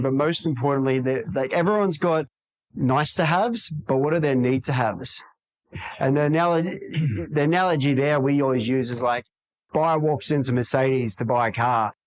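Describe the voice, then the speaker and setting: A man's voice: mid-range voice, no echo, poor audio. A man in a podcast interview, talking energetically and acting out quoted dialogue in other voices. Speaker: real estate agent guest.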